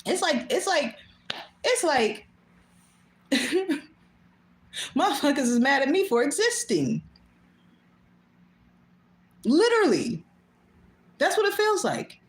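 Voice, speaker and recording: A woman's voice: sits high, sing-song, slow pace, long pauses. A woman hosting her own show, talking bluntly and casually, swearing freely and laughing often. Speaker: host. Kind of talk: casual monologue. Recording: echoey room.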